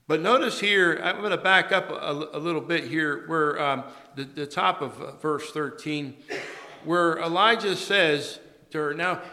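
A male pastor giving a morning sermon, speaking haltingly with many fillers and restarts. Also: fairly high pitch, pushed and bright. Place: church sanctuary. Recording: long reverb of a large church.

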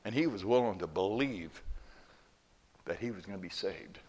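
A man preaching a sermon and telling a story, moving between hushed, quiet lines and loud, emphatic ones. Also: deep voice, normal speed, a little hiss or hum. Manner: animated, swings from hushed to loud. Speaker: pastor.

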